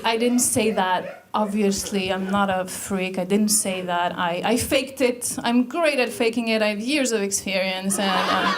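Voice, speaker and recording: A woman's voice: medium pitch, measured pace. A woman in her thirties from Iceland with an Icelandic accent, performing a stand-up comedy set in a dry, self-mocking way. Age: 30s.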